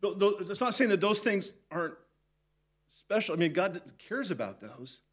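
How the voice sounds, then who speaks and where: Man, pastor, devotional teaching, conversational, halting restarts, slightly high voice. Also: big pitch swings.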